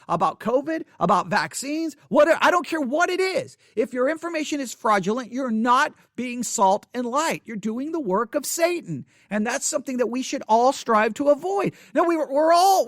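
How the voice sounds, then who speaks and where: A man's voice: high voice, a bit bright, no echo, clean studio sound. A man hosting a podcast, giving impassioned commentary in an earnest, pleading way and repeating phrases for emphasis. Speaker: podcast host. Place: home studio in Texas.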